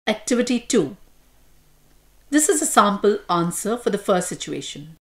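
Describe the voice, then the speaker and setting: A woman's voice: mid-range voice, very animated, normal speed. A woman with an Indian English accent narrating a scripted lesson on pronunciation in a formal, explanatory manner. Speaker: course narrator.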